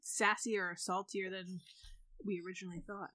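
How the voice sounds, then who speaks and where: A woman's voice: mid-range voice, level tone, normal speed, sharp tone. A woman co-hosting a podcast, trading playful quips in a casual book discussion. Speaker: podcast co-host.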